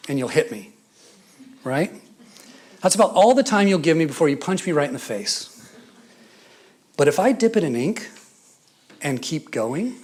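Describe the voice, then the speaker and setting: A man with a Scottish accent preaching a sermon, mixing scripture with humorous stories and hushed asides. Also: a little high, a little hiss or hum. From Scotland. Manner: storytelling with humor, drops to a whisper for emphasis.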